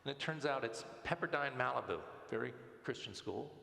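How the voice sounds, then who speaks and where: A man's voice: medium pitch, lively intonation, fairly quick, gravelly, pushed and bright. A man telling his personal faith story in a church, talking conversationally and often stumbling and repeating words. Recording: echoey church hall reverb.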